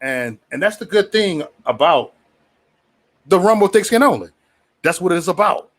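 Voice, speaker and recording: A man's voice: high-pitched, expressive, normal speed, a bit bright. Loose, profane man hosting a livestream. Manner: loose, profane, laughing often, mimics others in raised voice. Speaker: livestream host. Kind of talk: casual livestream chat.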